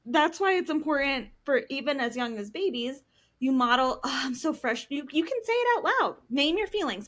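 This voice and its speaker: A woman's voice: sits high, lively intonation, moderate pace, fairly bright tone. A woman in her thirties, a counselor, explaining things earnestly as a podcast guest, with frequent ums. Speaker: licensed professional counselor.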